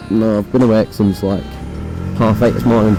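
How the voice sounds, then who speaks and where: A young man with a hoarse, croaky voice, chatting casually and swearing while riding a motorbike, recorded on a phone inside his helmet. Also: fairly low pitch, fairly even intonation, normal speed, over music, poor audio. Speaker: motovlogger. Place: on a motorbike on city roads.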